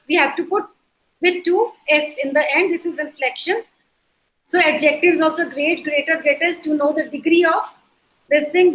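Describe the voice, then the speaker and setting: A woman with an Indian accent teaching an online lecture over a video call, explaining through repeated examples and checking that students follow. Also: high voice. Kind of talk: online lecture mixing in Hindi. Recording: echoey room.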